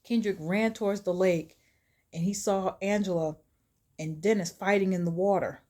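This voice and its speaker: A woman telling a horror short story in a chatty, animated, casual way. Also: mid-range voice, normal speed.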